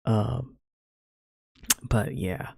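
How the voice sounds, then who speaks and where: A woman's voice: rumbling low, drawn-out words, gravelly, dark tone, breathy edge, dry recording, studio quality. A woman hosting her own podcast, chatting in a rambling, casual way full of "like" and "man". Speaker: podcast host. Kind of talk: casual solo podcast chat.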